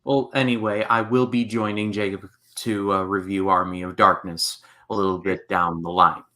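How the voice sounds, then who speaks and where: A young man hosting a casual movie podcast, relaxed and steering the talk with a few fillers. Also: sits low, moderate pace. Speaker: podcast host.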